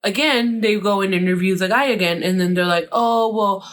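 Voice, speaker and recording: A woman hosting her own podcast, telling a story in a loose, rambling way. Her voice sits at an ordinary middle pitch, and she leans on fillers and drops the odd swear word as she goes. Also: a little fast, fairly bright tone. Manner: rambling, filler-heavy retelling with casual swearing. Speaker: podcast host. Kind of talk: casual storytelling.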